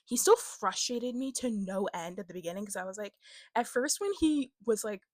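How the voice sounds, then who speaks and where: A young woman chats casually about books as a vlogger, sprinkling in filler words and laughing easily. Her voice sits at an ordinary middle pitch. The sound is dry and close, with no room echo. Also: animated, moderate pace, darkish tone. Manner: chatty, leans on filler words, laughs often. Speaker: book vlogger. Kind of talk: casual book review chat.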